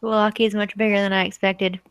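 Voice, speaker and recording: A woman's voice: mid-range voice, level tone, quick pace, smooth, no room sound. A woman playing a tabletop game, wry and joking. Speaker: player. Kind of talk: casual tabletop play.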